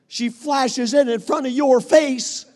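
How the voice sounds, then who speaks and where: Slow-talking high-voiced male preacher. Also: fairly even intonation. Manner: dramatic, acts out quoted wives and husbands, swings from loud to hushed. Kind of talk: sermon.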